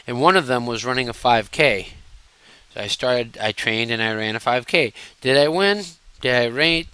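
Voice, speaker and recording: Animated, bright-voiced male storyteller. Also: mid-range voice, normal speed, clean tone, no room sound, low-quality recording. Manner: animated, digressive, addresses viewers directly; fidgety while talking. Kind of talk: casual storytelling to camera.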